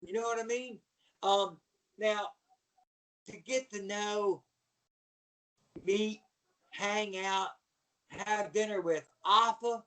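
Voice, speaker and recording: A middle-aged man with a fairly high voice, talking as a guest. He tells his stories with animated energy and keeps checking in with the listener. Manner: animated storyteller, repeats "you know what I mean". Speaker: guest, former pro wrestler. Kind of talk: casual chat.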